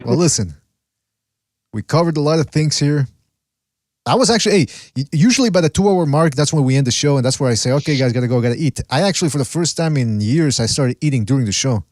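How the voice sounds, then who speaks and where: A man's voice: on the high side, animated, fast, darkish tone, no echo, studio quality. A man hosting a boxing podcast, joking and boasting in rambling, casual banter with lots of restarts.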